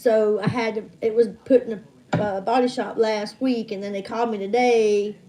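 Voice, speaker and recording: A woman's voice: mid-range voice, steady tone, moderate pace, warm tone. A woman in her fifties hosting a trivia livestream, chatting in a folksy way and greeting viewers by name, calling them hon and honey. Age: 50s.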